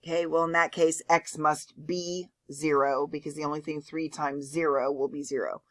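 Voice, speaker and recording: A woman's voice: low voice, flat delivery, moderate pace, slight background noise. A woman teaching a math lecture, explaining step by step and often checking in with "okay?". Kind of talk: lecture with board work.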